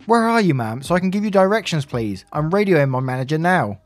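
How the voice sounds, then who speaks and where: A man doing a high, polite young receptionist. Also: expressive, a little fast, no echo, soft background music, natural voice. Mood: anxious polite. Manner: polite, anxious, helpful.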